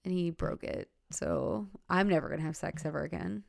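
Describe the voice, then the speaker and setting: A woman's voice: lowish voice, moderate pace, creaky, darkish tone, no echo, clean studio sound. A woman hosting a podcast who tells a story in a rambling, casual way, with lots of fillers and laughter. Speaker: podcast host.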